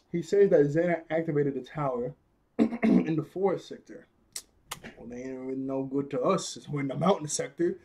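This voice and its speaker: A man's voice: mid-range voice, dark tone. A man casually recapping a cartoon episode in slangy talk, often laughing and correcting himself.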